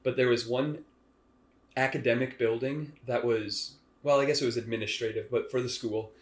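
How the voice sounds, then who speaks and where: A young man co-hosting a podcast, telling stories in a relaxed, wry way. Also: medium pitch, moderate pace. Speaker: podcast co-host. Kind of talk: casual chat. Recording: echoey room.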